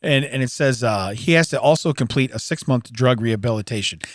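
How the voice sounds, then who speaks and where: A man's voice: mid-range voice, fairly quick, dry recording, clean studio sound. A man co-hosting a comedy podcast, reading odd news stories aloud with jokey asides and frequent laughter. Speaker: podcast co-host. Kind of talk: casual comedic banter.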